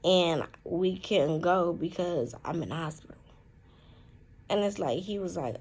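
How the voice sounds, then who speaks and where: A young woman talking candidly in a personal vlog from a hospital room, in slow, halting, heartfelt speech with many fillers. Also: on the low side, a little mellow, husky, low-quality recording. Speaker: vlogger.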